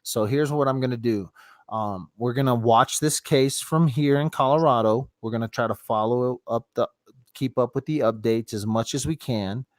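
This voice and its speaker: A man's voice: medium pitch, normal speed, no room sound, studio quality. Loose-talking man hosting a phone livestream. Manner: loose, rambling, swears freely. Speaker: livestream host taking callers. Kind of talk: casual live-stream chat.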